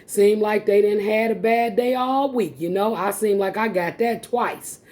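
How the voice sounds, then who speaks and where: A woman vlogger, casually telling viewers a personal story, animated and laughing often. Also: medium pitch, a little slow. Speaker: mukbang vlogger. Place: home, eating on camera.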